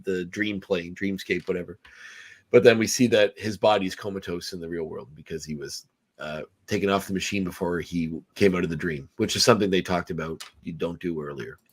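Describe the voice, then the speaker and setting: Podcast host, man, low voice, easygoing rambling plot recap, lots of ums. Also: a bit bright. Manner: rambling recap with many fillers and restarts. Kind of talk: casual movie review chat.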